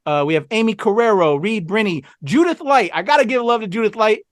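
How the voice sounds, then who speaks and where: High-voiced enthusiastic man reviewing films. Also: expressive, fairly quick, no room sound, studio quality. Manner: enthusiastic, rambling with fillers. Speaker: podcast co-host. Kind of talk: casual film review chat.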